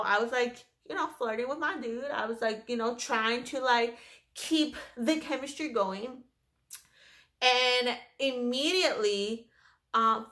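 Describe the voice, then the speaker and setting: Bright, animated young woman telling a story. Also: a little high. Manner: animated, lots of swearing and fillers. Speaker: vlogger. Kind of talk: casual storytelling.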